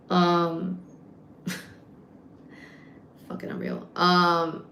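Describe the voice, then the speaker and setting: A woman livestreaming, telling a story in a casual, animated way, swearing often and acting out the voices of other people. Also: on the low side, slow, long pauses. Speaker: livestreamer and gym content creator. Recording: echoey room.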